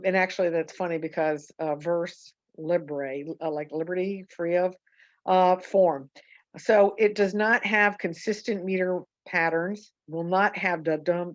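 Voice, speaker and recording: A woman's voice: lowish voice, no echo, dull audio. A woman teaching an online poetry lesson, rambling and correcting herself with many fillers. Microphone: video call.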